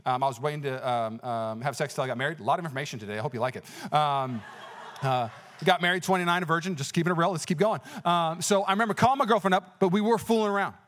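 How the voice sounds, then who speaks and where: A male pastor preaching a sermon, telling personal stories with energetic exclamations and a conversational, filler-heavy delivery. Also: fairly high pitch, quick pace. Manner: conversational with many fillers and restarts.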